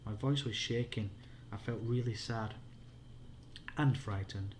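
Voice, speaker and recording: Yorkshire dad reading a bedtime story. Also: male voice, lowish voice, unhurried, slight background noise. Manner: plain, unpolished reading with occasional slips. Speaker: father reading aloud.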